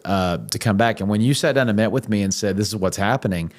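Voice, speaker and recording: Low-voiced man hosting a church podcast. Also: fast. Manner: rambling, restarts, encouraging. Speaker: podcast host and campus pastor. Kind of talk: conversational interview.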